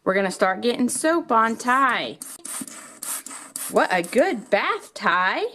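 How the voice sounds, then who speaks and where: A woman narrating a toy play for children in an animated storytelling manner. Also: fairly high pitch, slow, a little hiss or hum.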